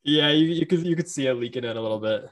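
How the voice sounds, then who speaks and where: A man co-hosting a movie podcast with an ordinary mid-pitched voice. He chats in a relaxed, agreeable way and often hesitates before giving his take. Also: quick pace. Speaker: podcast co-host. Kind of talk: casual movie chat.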